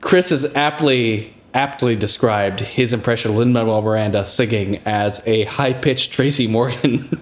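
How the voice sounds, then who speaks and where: A man's voice: medium pitch, unhurried. A man hosting a podcast in casual chat, who laughs easily and reads out lists. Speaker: podcast host.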